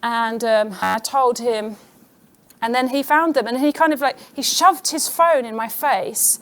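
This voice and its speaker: Woman, middle-aged, comedian host, higher-pitched, chatty, self-deprecating. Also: a little slow, fairly bright tone. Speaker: comedian hosting an awards show. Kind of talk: stand-up comedy routine.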